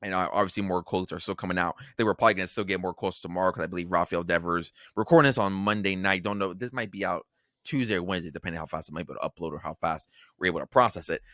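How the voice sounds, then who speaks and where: A man's voice: deep voice, rapid-fire, a bit bright, dry recording, studio quality. A man co-hosting a casual podcast, rambling with plenty of fillers, restarts and swearing. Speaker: podcast co-host.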